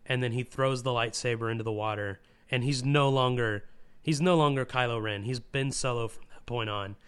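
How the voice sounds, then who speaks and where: A man talking excitedly and emotionally about a film in casual chat, with lots of fillers and restarts. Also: medium pitch, moderate pace, clean tone.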